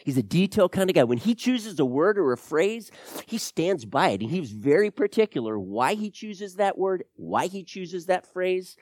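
A man preaching a sermon as pastor, teaching through scripture and swinging between loud emphatic lines and soft, low drops. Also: very animated, normal speed, no room sound, clean studio sound.

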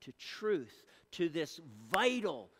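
A man preaching a sermon in a church. His voice is high and swings widely, and his delivery is slow and deliberate. His words ring out with a long hall reverb. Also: big pitch swings. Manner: earnest preaching, swings from loud appeals to soft near-whispers. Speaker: pastor.

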